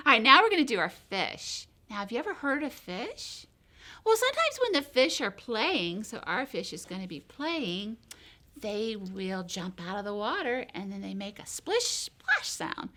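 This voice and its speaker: A woman leading a children's library storytime, gentle and encouraging as she talks to small children and sings simple songs. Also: mid-range voice, sing-song, moderate pace.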